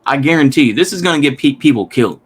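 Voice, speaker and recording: A man's voice: on the high side, animated, rapid-fire, breathy edge. Rambling, exasperated male commentator. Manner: rambling, restarts, swears, exasperated. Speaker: commentary host. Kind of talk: casual reaction commentary.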